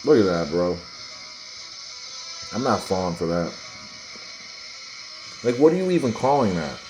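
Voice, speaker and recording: A man's voice: deep voice, big pitch swings, measured pace, over music, low-quality recording. A man hosting his own sports video, talking casually over game footage in a dismissive, conspiratorial way, speaking straight to his viewers.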